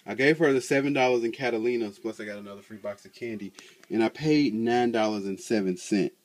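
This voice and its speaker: A man's voice: on the low side, a little fast. A man vlogging about couponing, telling a store story in a casual, colloquial way and acting out both sides of an argument. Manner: colloquial, chatty, frequent "you know".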